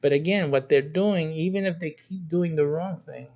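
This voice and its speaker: A man's voice: on the high side, normal speed. A man pastor giving an informal sermon teaching, with a demonstrative manner, acting out stern warnings and chuckling. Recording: dull lo-fi livestream audio.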